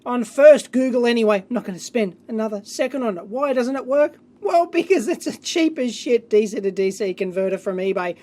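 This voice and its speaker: A man with an Australian accent hosting an electronics video, opening his mail in an excitable, chatty way with quick exclamations. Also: very high voice. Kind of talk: casual hands-on mailbag unboxing.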